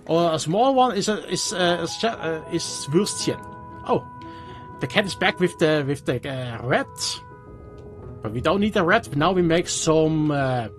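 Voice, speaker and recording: A man with a Swiss German accent, a native Swiss German speaker, giving halting gameplay commentary in English with many restarts. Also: on the high side. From Switzerland. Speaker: let's player.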